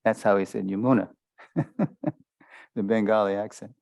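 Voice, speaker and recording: A man's voice: fairly low pitch, unhurried, gravelly, a little mellow, no room sound. A man giving a spiritual lesson as a story, talking loosely with many fillers and small chuckles. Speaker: spiritual teacher. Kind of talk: storytelling lecture.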